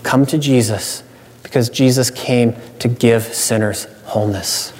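A man's voice: mid-range voice, fairly even intonation, unhurried, darkish tone, slight background noise. A man preaching a sermon as pastor, earnest and emphatic, repeating key phrases for weight. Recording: reverberant hall sound.

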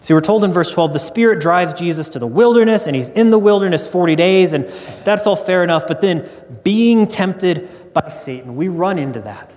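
A man's voice: high-pitched, expressive, brisk, darkish tone. Conversational male preacher in a reverberant hall. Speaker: pastor. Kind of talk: sermon.

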